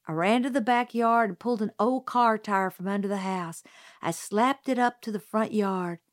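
A woman narrating a novel aloud in a measured, even storytelling manner. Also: mid-range voice, no echo, clean studio sound. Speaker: audiobook reader. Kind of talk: scripted narration.

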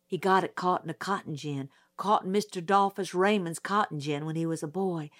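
A woman reading an audiobook, voicing an older male preacher explaining something softly. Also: moderate pace, no echo, studio quality, natural voice. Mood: hushed. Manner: soft, low explaining.

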